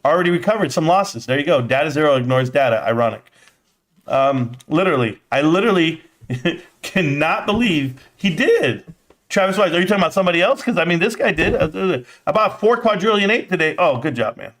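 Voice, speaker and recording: A young man rants through a live stock stream, his voice sitting a bit higher than most men's. He swears, vents in disbelief and jumps way up in pitch when he gets worked up, then drops back to mutter at the chat. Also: lively intonation, a little fast, a bit bright. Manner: exasperated ranting, swearing, voice jumping up in disbelief. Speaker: livestream host.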